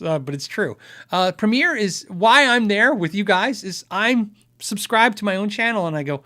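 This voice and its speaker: A man's voice: high-pitched, animated, a little fast, sharp tone. A man hosting a guitar tech channel, answering viewer questions in a live-stream chat, earnest and thinking aloud with many restarts.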